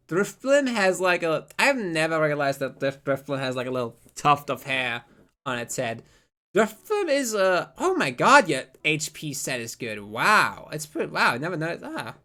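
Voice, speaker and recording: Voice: medium pitch, bright, forceful tone. Rambling, profane live streamer. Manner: rambling, profane, self-interrupting. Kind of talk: casual live-stream chat.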